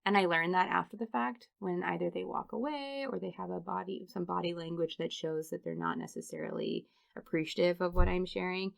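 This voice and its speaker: A woman in her thirties, a podcast guest, telling funny stories in an animated way and laughing often. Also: fairly low pitch, a little fast, vocal fry, few pauses. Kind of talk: casual storytelling interview.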